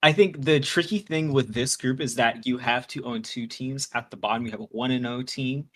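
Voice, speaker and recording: A man's voice: medium pitch, moderate pace, fairly bright tone. A man on a casual esports panel, talking through standings in a chatty, analytical way with some teasing.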